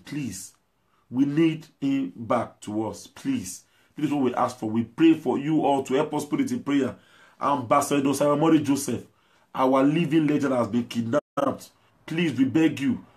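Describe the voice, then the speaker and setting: A Nigerian man, a musician, delivering an impassioned video message, forceful and pleading, slipping into pidgin. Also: medium pitch.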